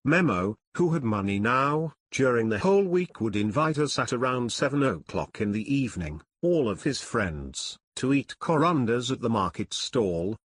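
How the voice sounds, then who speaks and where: A man reading a first-person memoir as an audiobook, telling it in an unhurried, nostalgic way. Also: medium pitch, husky, dry recording, clean studio sound. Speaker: audiobook narrator.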